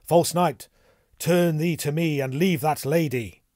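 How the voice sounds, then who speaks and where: A man's voice: on the high side, normal speed, darkish tone, no echo, pitched above the performer's own voice, natural voice. Guy doing a bold courtly knight, raised and formal, stern, dry close mic. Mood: shouting challenge. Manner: commanding, raised formal declamation.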